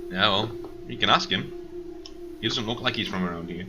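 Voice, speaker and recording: A man narrating as game master of a tabletop role-play, rambling and halting with many fillers. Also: lowish voice, over music.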